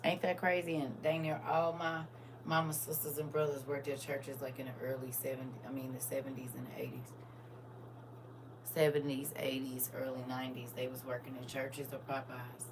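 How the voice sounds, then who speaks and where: A woman's voice: a bass voice, moderate pace, noisy background. A woman, chatting casually to viewers on a livestream and talking straight to them. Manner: animated, talks straight to viewers. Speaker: livestream host.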